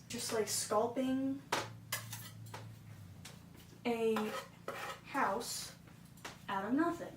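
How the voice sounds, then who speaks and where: A woman vlogger giving casual, self-deprecating commentary while painting along, with exasperated asides. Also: on the high side. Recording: echoey room, far from mic, noisy.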